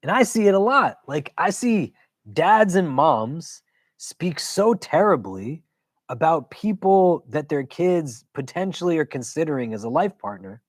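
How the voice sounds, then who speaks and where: A man, an imam, teaching a weekly religious class in a casual, conversational way. He keeps checking in with his listeners and tells stories with quick asides. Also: fairly high pitch, dry recording. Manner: conversational, keeps asking "do you know?"; animated storytelling with quick asides.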